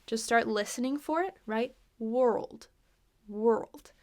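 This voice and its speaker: American woman, English pronunciation teacher, slow and deliberate, gravelly edge, fairly high voice, playful asides. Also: a little mellow. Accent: General American. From United States. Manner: repeats words slowly, exaggerating mouth positions.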